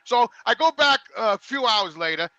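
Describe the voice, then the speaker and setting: A man telling a story on a panel talk show, animated and profane, restarting his sentences with stammers. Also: very high voice, moderate pace, dry recording, muffled recording. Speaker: regular panelist. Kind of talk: casual storytelling.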